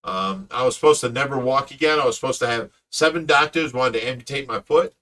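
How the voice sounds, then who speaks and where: A middle-aged man hosting a casual live chat, telling stories with lots of laughter and excitement. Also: medium pitch, quick pace, distant mic. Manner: animated storyteller, laughs often. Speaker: fish rescue owner and host.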